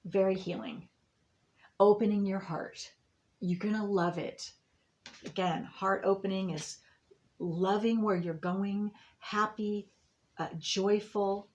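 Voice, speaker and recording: A woman's voice: medium pitch, fairly even intonation, takes it slowly, pauses often, a little mellow, muffled recording. Woman, reader of a monthly intuitive forecast; meandering, reassuring delivery, mid-range voice. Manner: meandering, rambling with many fillers and restarts. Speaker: astrology and tarot reader. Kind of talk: monthly intuitive reading to viewers.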